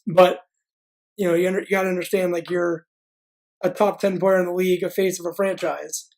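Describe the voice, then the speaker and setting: A man's voice: sits high, flat delivery, fairly quick, darkish tone, rough recording. A man co-hosting a sports podcast who rambles through anecdotes, filling gaps with "like". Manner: rambling storyteller, constant "like" filler. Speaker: podcast co-host. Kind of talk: casual sports chat, anecdote telling.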